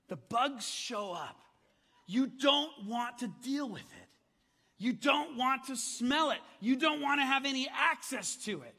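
High bright preacher in a reverberant hall. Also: male voice. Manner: dramatic, swinging from loud calls to hushed words. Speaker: pastor. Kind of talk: sermon with scripture reading.

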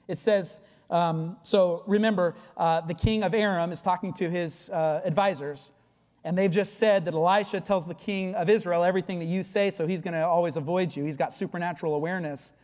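A man's voice: sits high, steady tone, a little fast, darkish tone, long reverb tail. A male pastor delivering a sermon, earnest and often asking the congregation questions.

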